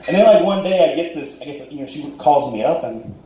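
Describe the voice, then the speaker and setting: Speaking fast with a warm, expressive tone, a young man mocks himself through a stand-up routine at a comedy club, voicing other characters in a squeaky high pitch. The audio is distant and roomy, with slight background noise.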